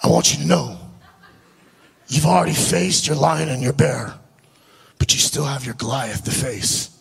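A man putting on a deep-voiced intense old prophet. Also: vocal fry, slightly rough, heavily acted. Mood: solemn. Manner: slow, heavy prophetic declarations in a put-on accent. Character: intense older male prophet, bold and unsettling.

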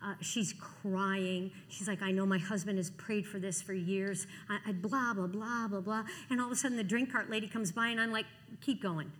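A woman in her sixties giving a lively testimony sermon, acting out the people in her stories. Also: medium pitch, moderate pace, hardly any pauses, in a large hall. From Cleveland. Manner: animated storytelling, acting out dialogue. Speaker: Christian speaker.

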